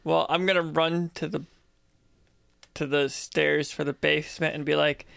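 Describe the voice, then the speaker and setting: A man playing in a tabletop game, trading quick, joking banter with the group. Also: on the high side, flat delivery, creaky, a bit bright, clean tone, no room sound, studio quality. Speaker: player. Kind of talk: casual tabletop play.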